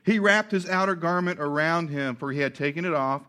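A man's voice: a little high, moderate pace, hardly any pauses, pushed and bright. A man preaching a sermon, retelling a Bible story with jokes and asides to the congregation. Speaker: pastor.

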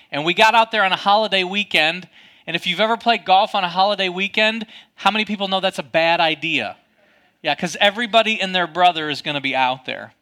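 A man preaching a sermon, telling a personal story with a loud, booming voice. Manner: storytelling, dramatic, self-mocking. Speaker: pastor.

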